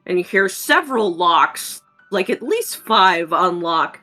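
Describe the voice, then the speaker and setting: A woman's voice: fairly low pitch, animated, slow, bright, forceful tone, soft background music. A woman narrating as game master of a tabletop game, chatty and full of "um"s. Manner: chatty, many "um"s and "like"s.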